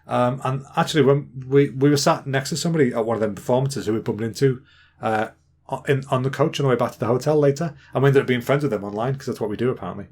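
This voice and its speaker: A man's voice: medium pitch, fast, darkish tone. A man in his thirties with an English accent, telling rambling, jokey stories as a podcast host. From England. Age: 30s. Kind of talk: casual storytelling monologue.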